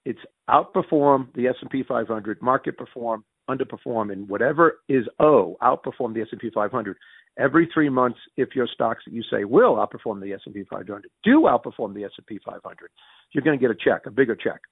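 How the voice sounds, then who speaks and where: Gravelly yankee-accent guy telling business stories, husky voice, lively swings in pitch. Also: fairly quick, dry recording, narrow, tinny audio. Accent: Northern US. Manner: lively storyteller who acts out quoted dialogue with restarts. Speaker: interview guest. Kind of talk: animated business storytelling.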